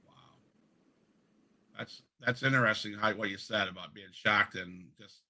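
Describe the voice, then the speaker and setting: A man's voice: on the low side, normal speed, pushed and bright, rough recording. A man hosting an interview, asking friendly questions and often restarting mid-sentence. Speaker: interview host.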